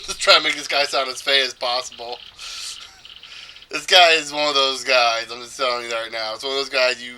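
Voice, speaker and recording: A man's voice: mid-range voice, sharp tone, low-quality recording. A man casually narrating gameplay in a rambling, chatty way, often stopping to correct himself. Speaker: let's play commentator.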